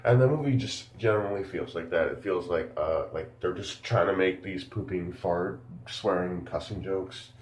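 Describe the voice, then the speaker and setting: Rambling low-voiced man reviewing a film. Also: normal speed, hardly any pauses, a little mellow, roomy sound. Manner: rambling, incredulous, many fillers. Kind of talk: casual spoken film review.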